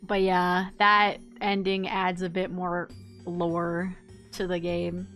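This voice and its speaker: A woman's voice: fairly low pitch, monotone, slow pace, fairly bright tone, faint music behind. A woman game streamer chatting casually, reacting aloud and laughing while she plays. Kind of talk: casual gameplay commentary.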